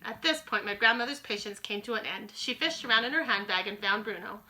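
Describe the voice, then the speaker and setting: Bright-voiced woman reading a story aloud. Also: mid-range voice, a little fast. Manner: expressive, friendly storytelling. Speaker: teacher. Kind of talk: reading a children's book aloud.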